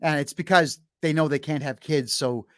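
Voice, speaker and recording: A brash middle-aged man with a fairly high voice hosts a podcast at a normal speed, bluntly telling a long story in casual chat. There are frequent restarts and fillers, captured in studio quality without room sound.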